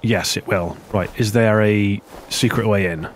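A man's voice: fairly even intonation, a little slow, a little hiss or hum. A man giving casual let's play commentary, muttering to himself with sudden yelps of surprise. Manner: chatty, muttering to himself, sudden high-pitched exclamations. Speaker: gameplay commentator.

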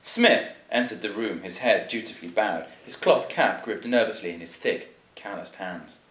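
Measured lecturing man in a roomy echo. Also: on the low side, a bit bright. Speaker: reader introducing an extract. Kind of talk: mock-scholarly comedy reading.

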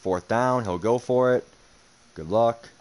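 A man's voice: mid-range voice, slow pace, a little mellow. A young man commentating his own football video game match, muttering, sarcastic and swearing in frustration. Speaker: gaming streamer.

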